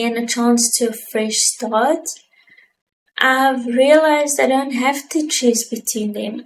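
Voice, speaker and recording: With a fairly high-pitched voice, a young South African vlogger reflects earnestly to camera, slow, thoughtful, and heartfelt. The audio is poor, with a bit of background noise.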